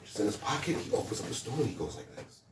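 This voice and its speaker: A man's voice: fairly low pitch, sing-song, fast, noisy background. A man speaking as a motivational speaker, animatedly telling a story to students and building to urgent emphasis. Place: school hall. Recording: echoey room from a distance.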